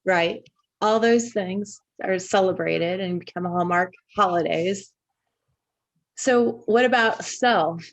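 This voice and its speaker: A woman from Indiana with a low, gravelly voice talks through her own memories in a relaxed podcast chat. She reflects as she goes and lets the stories unfold at length. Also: takes it slowly. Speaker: podcast co-host. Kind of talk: casual conversation.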